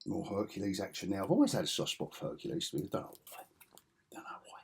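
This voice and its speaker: A man's voice: low voice, big pitch swings, fast, creaky, breathy edge, in a whisper. A man chatting casually as he shows off his comic collection, enthusiastic and rambling with chuckling asides. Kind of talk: casual show-and-tell chat.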